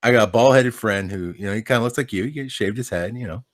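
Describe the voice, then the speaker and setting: Low-voiced guy rambling through a story, laid-back, swears a lot, dry sound. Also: quick pace, no echo. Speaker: podcast guest. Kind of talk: casual chat.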